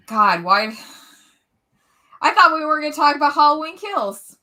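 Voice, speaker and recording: A woman's voice: high voice, lively intonation, normal speed, sharp tone. A woman co-hosting a podcast, chatting casually in a joking, sarcastic way. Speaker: podcast co-host. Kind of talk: casual chat.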